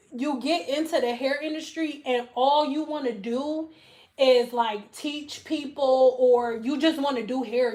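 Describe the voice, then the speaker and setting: On a candid phone livestream, a former hairstylist in her thirties speaks to her viewers in a high-pitched, slightly mellow voice. She's blunt, swears without restraint and repeats phrases to drive her points home.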